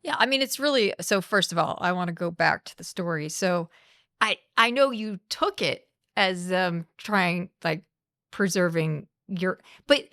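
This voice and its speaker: A woman's voice: mid-range voice, fairly bright tone. A woman co-hosting a podcast, making her point in an earnest, emphatic way. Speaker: podcast co-host. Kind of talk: casual chat.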